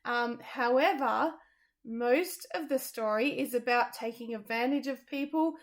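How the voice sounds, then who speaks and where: A woman's voice: a little high, a little slow. A woman, a theatre reviewer, giving her views in a casual chat, thoughtful and hesitant with frequent ums.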